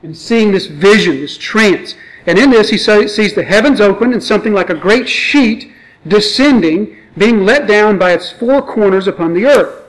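In this expository sermon, a man with a high, animated voice reads from scripture and then unpacks it in a conversational style, asking rhetorical questions. He speaks at a moderate pace, and the recording is low quality.

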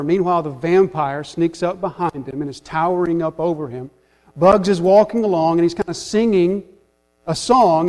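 A man preaching to a congregation, his voice sitting a little high for a man. He talks like he's telling a story to friends, chatty and informal, asking the room questions as he goes. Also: darkish tone. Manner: storytelling, conversational, addresses the congregation directly. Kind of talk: sermon.

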